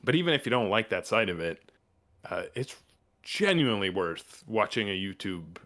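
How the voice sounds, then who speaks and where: A man with a fairly low voice, from New Mexico, hosts a podcast conversation. He talks with rambling enthusiasm, stacking up fillers and restarting his sentences as he goes. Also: very animated, moderate pace, a bit bright. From New Mexico, USA. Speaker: podcast host. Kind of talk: casual chat.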